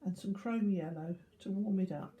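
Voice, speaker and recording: An older woman talks calmly through a watercolour lesson, explaining each step while she works. Her voice is mellow and warm, sitting at an ordinary pitch. She has the unhurried manner of a seasoned art teacher. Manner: calm, explanatory, talking while painting. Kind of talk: watercolour painting demonstration.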